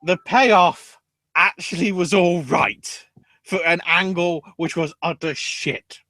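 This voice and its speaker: A man hosting a podcast, recapping wrestling in an animated, profane storytelling way. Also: high voice, takes it slowly, no room sound. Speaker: podcast host.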